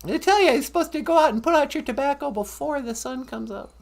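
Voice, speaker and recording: High lively playful woman streamer. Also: quick pace, creaky. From Minnesota, USA. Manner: playful, laughs often, makes goofy computer beeps. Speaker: live stream co-host. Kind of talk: casual live-stream chat.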